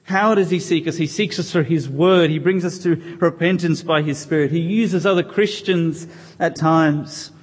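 A man's voice: on the high side, normal speed. A man preaching a sermon in church, reading scripture aloud and pleading earnestly with the congregation. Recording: long hall reverb.

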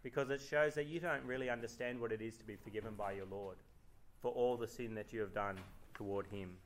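A man's voice: medium pitch, fairly even intonation, fairly quick. A man preaching a sermon in church, reading scripture aloud and asking the congregation rhetorical questions. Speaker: pastor.

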